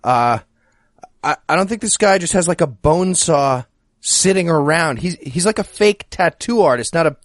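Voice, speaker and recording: A man's voice: on the high side, expressive, normal speed, dry recording, clean studio sound, close to an everyday voice. A man voicing a sarcastic, put-upon male henchman in an improvised comedy skit, incredulous and mocking.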